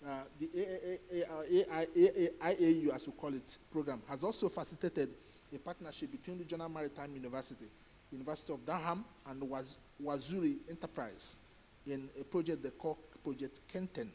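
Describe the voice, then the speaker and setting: A man with a Nigerian accent giving a conference speech, halting often with fillers and restarts. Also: a little high, darkish tone, in a large hall, slight background noise, low-quality recording. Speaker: conference speaker.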